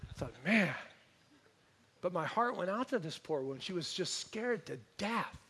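A man preaching a sermon, telling a story in an animated way and praying. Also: sits high, moderate pace, a little hiss or hum. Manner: storytelling, animated, imitates voices.

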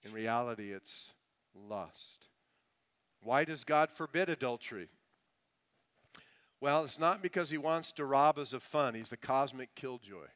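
A middle-aged man preaching to his congregation in a smooth, resonant voice of ordinary pitch. He swings from loud, emphatic lines to quiet, dropped asides. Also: a little slow, pauses often. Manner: animated preaching with sudden swings from loud to hushed. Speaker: pastor. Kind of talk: sermon.

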